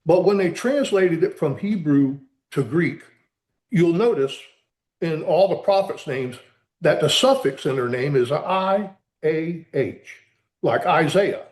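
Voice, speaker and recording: A man being interviewed as an author, explaining earnestly in a halting way with many repeated words and restarts. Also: a little high, expressive, reverberant. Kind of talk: conversational interview.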